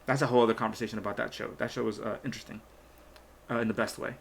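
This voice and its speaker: A man's voice: lowish voice, little pitch movement, racing, gravelly, breathy edge. Rambling male stream host. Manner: rambling, trails off, lots of fillers. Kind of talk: casual live-stream chat.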